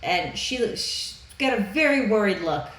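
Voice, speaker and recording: A woman's voice: mid-range voice, expressive, a little slow, fairly bright tone. Chatty woman podcast co-host. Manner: chatty, laughs often, acts out lines. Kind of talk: casual movie recap chat. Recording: echoey room, faint background noise.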